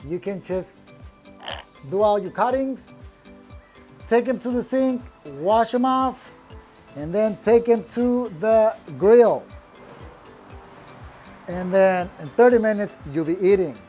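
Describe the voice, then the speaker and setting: A man's voice: sits high, takes it slowly, long pauses, dark tone, soft background music. A man working as a landscaping contractor, giving a casual, upbeat walkthrough of a finished patio outdoors. He talks plainly and sounds proud of the work.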